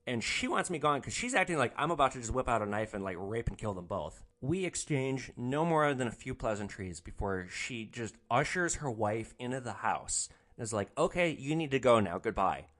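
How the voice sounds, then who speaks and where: A man's voice: medium pitch, very animated, normal speed, few pauses, a bit bright. A man hosting a podcast, telling his rideshare stories in a casual, sarcastic, blunt way. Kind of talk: casual storytelling.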